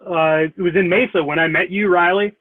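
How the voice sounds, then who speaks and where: An eager man with a fairly high voice chats excitedly with the hosts. The sound comes through a thin, phone-like call line. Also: a little fast. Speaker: webinar participant. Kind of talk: casual chat.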